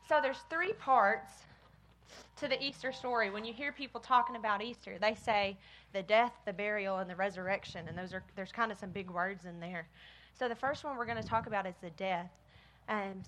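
A woman giving a lively children's sermon, talking straight to the kids. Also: a little high. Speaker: children's minister.

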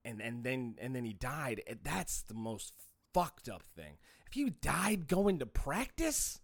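A man's voice: medium pitch, very animated, measured pace, gravelly, dry recording. A man hosting a solo podcast, talking in a profane, rambling rant with frequent restarts. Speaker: podcast host.

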